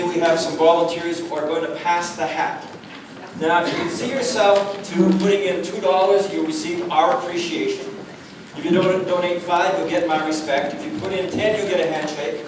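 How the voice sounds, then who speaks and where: A man's voice: high voice, steady tone, fairly quick. A man moderating a candidates' forum, speaking to the audience and telling jokes between the formalities. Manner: jokey, tells anecdotes to the crowd. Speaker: debate moderator. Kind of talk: public forum hosting. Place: large hall, recorded from far. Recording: echoey hall from far off, noisy.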